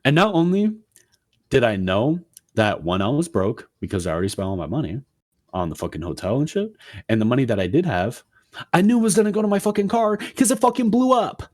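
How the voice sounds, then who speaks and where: A young man in his twenties tells a story on a casual podcast. He rants with lots of swearing, and his voice swings widely up and down as he acts out other people's lines. His pitch sits in an ordinary middle range. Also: fairly quick. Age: 20s. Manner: animated, profane ranting with acted-out quotes. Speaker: podcast co-host.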